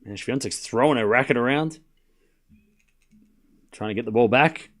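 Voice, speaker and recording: A young Australian man, medium-pitched and speaking at normal speed, provides casual live-stream commentary for a tennis watchalong. He's rambling and chatty, announcing scores between asides.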